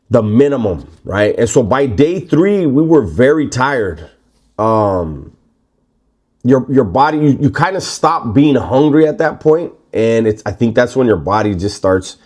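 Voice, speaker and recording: Laid-back man spinning a prison story. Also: mid-range voice. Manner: relaxed, rambling, heavy slang and swearing. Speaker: storyteller recounting prison life. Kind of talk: casual spoken storytelling.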